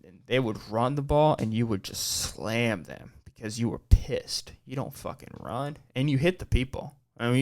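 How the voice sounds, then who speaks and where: A man in his twenties hosting a podcast, telling loose, profane childhood stories in a laid-back way, peppered with man and dude. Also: mid-range voice. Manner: rambling, profane storytelling. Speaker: podcast host. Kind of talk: casual chat.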